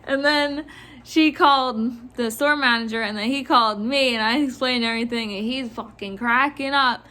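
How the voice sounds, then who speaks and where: A woman who works in retail telling a casual storytime about a customer, animated and often laughing. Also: a little high, moderate pace. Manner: animated, laughing, mimicking others. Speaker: retail store worker.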